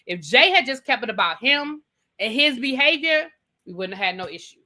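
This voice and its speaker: Bright-voiced, opinionated woman co-host. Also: on the high side, sing-song, moderate pace. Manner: opinionated, emphatic, addresses people directly. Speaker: podcast co-host. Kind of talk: casual recap chat.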